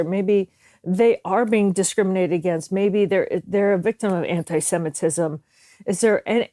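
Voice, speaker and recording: A woman's voice: medium pitch, warm tone, no room sound, studio quality. A woman from the East Coast hosting a podcast, speaking in an effusive, affirming way to her guest. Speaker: podcast host. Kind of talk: heartfelt interview talk.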